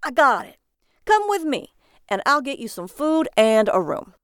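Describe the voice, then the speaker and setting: Brief: friendly male cabbie in a storybook reading, pitched high and loud, folksy and eager, put on by a woman narrator. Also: very animated, normal speed, smooth, dry recording, studio quality. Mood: cheerful. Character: chatty friendly male cab driver.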